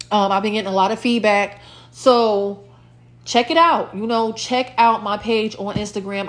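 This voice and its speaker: A woman hosting her own podcast in a rambling, casual solo chat, with lots of fillers and repeated lines, her mouth a little dry. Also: mid-range voice. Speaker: podcast host.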